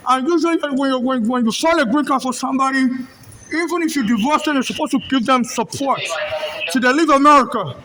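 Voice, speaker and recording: Guy, really high sharp voice, agitated and stammery, shouts a lot, filming on his phone behind a mask. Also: slight background noise. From Nigeria. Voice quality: muffled through a face mask. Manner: repetitive, stammering, often shouting. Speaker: passenger filming a confrontation. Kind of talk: agitated confrontation. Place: subway station, indoors. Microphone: handheld phone.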